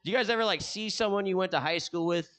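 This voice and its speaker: A young man doing a rambling stand-up set with self-deprecating dark humor. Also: high-pitched, quick pace. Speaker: stand-up comedian.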